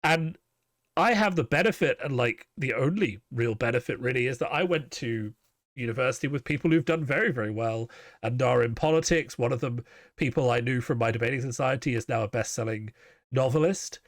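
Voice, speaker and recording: A man's voice: medium pitch, a little fast, no room sound, clean studio sound. A man in casual podcast chat, rambling with self-deprecating asides.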